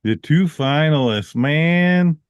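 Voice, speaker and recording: A man's voice: on the high side, lively intonation, takes it slowly, smooth, no echo. A man co-hosting an online music show with laid-back, joking banter. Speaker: radio DJ co-host. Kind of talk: casual on-air chat. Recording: dull, lo-fi mic sound.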